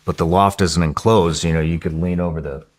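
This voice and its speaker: A man telling a story in a podcast interview in a casual, profane, excitable way, often restarting his sentences. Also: sits low, a little fast.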